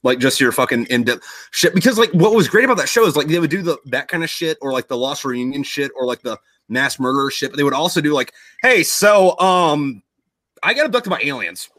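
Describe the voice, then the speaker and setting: A man's voice: medium pitch, quick pace, a bit bright, no room sound. A young man in casual podcast chat, telling a long story in a rambling way, swearing constantly and loosely acting out quotes.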